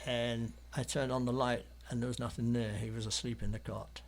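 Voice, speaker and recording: English man, artist guest, rambling anecdotes, ums and restarts, middle-pitched voice. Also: level tone, normal speed. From London, England. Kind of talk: anecdotal storytelling in an interview.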